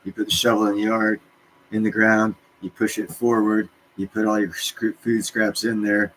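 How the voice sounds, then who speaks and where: A livestream host with a very low voice talks at a moderate pace, replying to viewer comments in a casual setting. He curses often, grows animated and jumps around between topics; the recording is rough, with faint hiss.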